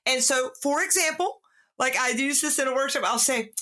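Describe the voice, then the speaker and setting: A woman's voice: sits high, normal speed, sharp tone. A woman hosting a podcast conversation, talking in an emphatic, heartfelt way and acting out inner voices. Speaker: podcast host. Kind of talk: casual conversation.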